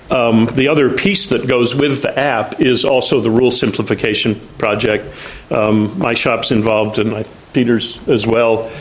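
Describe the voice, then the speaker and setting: A man's voice: mid-range voice, rough recording. A man presenting updates at a meeting, talking with frequent ums and restarts. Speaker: agency outreach staff presenting at a meeting. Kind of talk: meeting briefing.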